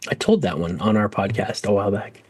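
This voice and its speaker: A man's voice: fairly low pitch, expressive, brisk, a little mellow, breathy edge, no room sound. A tired, slightly sick man co-hosting a casual podcast, joking at his own expense and stammering over restarts. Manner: jokey, self-deprecating, stammers on restarts. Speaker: podcast co-host. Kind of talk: casual chat.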